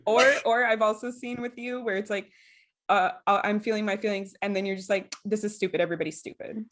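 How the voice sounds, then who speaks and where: A woman's voice: mid-range voice, little pitch movement, fairly quick, a bit bright. Chatty woman sharing her feelings. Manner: chatty, filler-heavy, acts out quoted speech. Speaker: podcast co-host. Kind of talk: casual chat.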